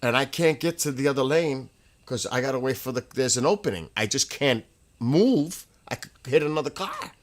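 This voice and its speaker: A man hosting a casual livestream from home, telling rambling, excitable stories and laughing as he goes. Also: medium pitch, normal speed. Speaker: livestream host. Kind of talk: casual chat.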